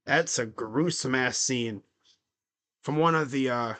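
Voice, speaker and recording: A man's voice: fairly high pitch, very animated, unhurried, pushed and bright. A young man giving casual live play-by-play, rambling and slangy between calls. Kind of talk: casual live reaction commentary.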